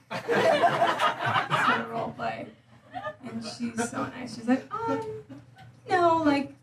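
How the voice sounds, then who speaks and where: A woman's voice: sits high, very noisy. A young woman performing a stand-up set in a conversational, self-deprecating way, often slipping into quoted voices. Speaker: stand-up comedian. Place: comedy club stage. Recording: roomy club sound from a distance, loud crowd laughter. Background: audience laughing.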